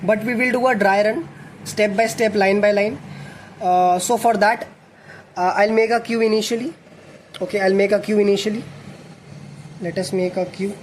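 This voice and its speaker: A man's voice: high voice, steady tone, moderate pace, long pauses. A young man teaches a coding lesson, thinking aloud and correcting himself as he writes code. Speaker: coding tutor. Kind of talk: explaining code while writing. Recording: faint background noise.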